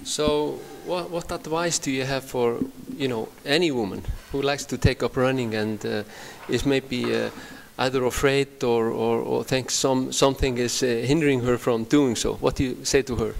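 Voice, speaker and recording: A man with an Icelandic accent interviewing a guest, asking questions hesitantly with many pauses and restarts. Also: medium pitch, fairly even intonation, vocal fry, slight background noise.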